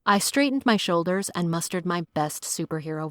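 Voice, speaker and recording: Audiobook narrator: woman, wry and expressive, lowish voice, dry booth sound. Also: normal speed, no room sound. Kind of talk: scripted first-person audiobook narration.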